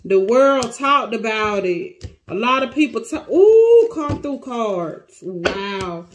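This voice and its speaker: High-voiced tearful woman reading tarot. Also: expressive, takes it slowly, fairly bright tone, slight background noise. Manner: emotional, dramatic, talks to cards and viewers. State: near tears. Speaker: tarot reader. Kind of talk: casual tarot reading to viewers.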